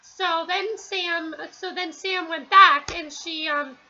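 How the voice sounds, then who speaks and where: A woman's voice: very high voice, steady tone, takes it slowly, pushed and bright, muffled recording. A woman giving a casual, rambling spoken review at home, with many fillers and restarts. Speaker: TV episode reviewer.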